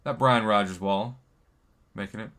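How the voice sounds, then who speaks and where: A man's voice: fairly low pitch, steady tone, moderate pace, fairly bright tone. A man hosting a live game stream, chatting casually and joking while reading viewer comments. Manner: jokey, chatty, reads viewer comments aloud.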